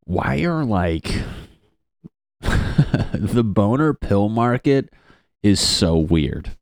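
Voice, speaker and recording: A man's voice: fairly low pitch, very animated, drawn-out words, a little mellow, no echo, clean studio sound. A man doing a casual, crude comedic monologue as a podcast host, rambling and laughing at his own jokes.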